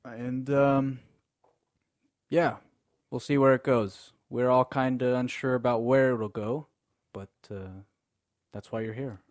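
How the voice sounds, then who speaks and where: A man's voice: mid-range voice, fairly even intonation, slow, darkish tone, no room sound, clean studio sound. A young man hosting a casual podcast chat, loose and rambling, laughing often and cursing casually. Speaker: podcast host. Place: small room with co-hosts in person.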